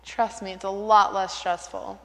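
A woman playing a friend who calmly urges prayer, reassuring and matter-of-fact. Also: medium pitch, a little slow, gravelly, in a large hall. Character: patient friend urging prayer.

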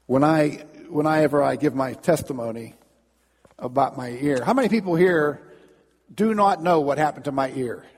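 A man's voice: a little high, moderate pace. A man, a pastor, preaching a sermon in a conversational, storytelling way with fillers, in a church. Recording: long reverb in a church.

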